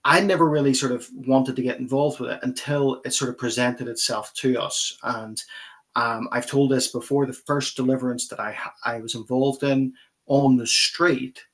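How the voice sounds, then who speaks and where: A pastor, speaking at a mid-range pitch. He recounts a personal story in earnest, vivid detail as a guest on an interview show. His delivery is that of a middle-aged man talking plainly and sincerely. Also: fairly even intonation, normal speed, a bit bright.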